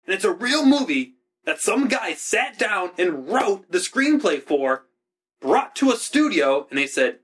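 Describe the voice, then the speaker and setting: A man's voice: high voice, sing-song, unhurried, fairly bright tone, breathy edge. A man chatting casually with a friend, laid-back, swearing freely and using many fillers. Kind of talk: casual podcast chat.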